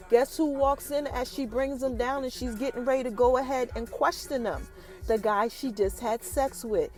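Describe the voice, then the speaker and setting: Animated chatty woman podcast host. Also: sits high. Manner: animated, chatty, addresses listeners directly. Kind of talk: casual TV episode recap.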